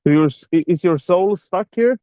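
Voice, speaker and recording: A nervous man streams live while ghost hunting in an old abandoned house, pressing the spirit box with jumpy questions and frequent curses. His voice sits a little high for a man, and the sound is close and dry with almost no room echo. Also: normal speed, dark tone. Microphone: handheld phone on a live stream.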